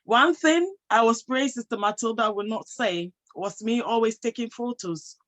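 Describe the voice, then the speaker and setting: A woman's voice: fairly high pitch, normal speed, fairly bright tone, rough recording. A woman giving a motivational talk to an audience, emphatic, posing rhetorical questions and answering them herself. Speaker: motivational speaker and health professional.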